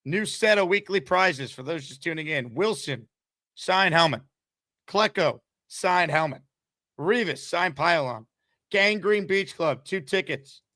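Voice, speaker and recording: A man hosts a live sports call-in show, reading giveaways and chatting with callers in a fast, hyped delivery. His voice is bright and forceful and sits a bit high for a man, recorded dry and close. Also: no echo. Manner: energetic, hyped, fast promo reads. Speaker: sports talk show host.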